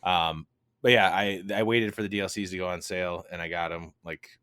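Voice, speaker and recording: A man with a very deep voice talks casually as a podcast co-host, rambling from topic to topic and laughing easily. The sound is dry and close. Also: fairly even intonation, fairly quick, a bit bright, smooth, no room sound. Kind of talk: casual chat.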